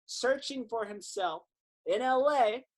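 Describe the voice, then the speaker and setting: Animated man telling stories. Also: very high voice, takes it slowly. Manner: animated storyteller, acts out quotes, swears casually. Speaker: podcast guest, singer-songwriter. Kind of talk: casual storytelling interview.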